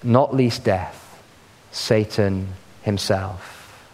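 A man's voice: on the low side, very slow, darkish tone. A man preaching a sermon with earnest emphasis, pressing hard on key words. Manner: earnest, emphatic, building to stressed peaks. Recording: long hall reverb.

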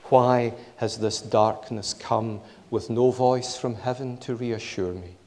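A man preaching a sermon in a measured, emphatic way, repeating his key phrases. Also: mid-range voice, fairly even intonation, dark tone, big-room sound.

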